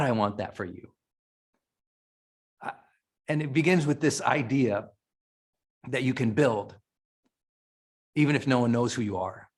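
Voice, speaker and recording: A middle-aged man from Montana giving an emphatic, emotional motivational speech to a live audience, often restarting his sentences. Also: mid-range voice. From Montana, USA. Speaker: keynote speaker.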